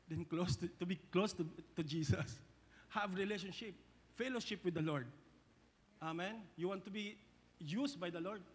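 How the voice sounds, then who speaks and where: Filipino pastor preaching, restarts lines a lot, keeps asking amen, long hall echo. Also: male voice, high voice, fairly bright tone. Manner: switches between English and Tagalog, repeats and restarts phrases; asks the congregation "Amen?". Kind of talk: sermon. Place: church hall.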